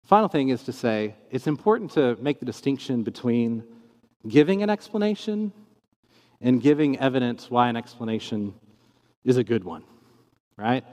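A man's voice: medium pitch, moderate pace. A man teaching in a casual talk, acting out the questions he quotes. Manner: animated, acts out quoted questions in shifting tones. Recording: long reverb in a large room.

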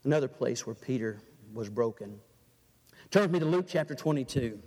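A man preaching a sermon in a large church, dramatic and full of rhetorical questions, dropping to a hush and then rising loud. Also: medium pitch, expressive, moderate pace. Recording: reverberant church hall.

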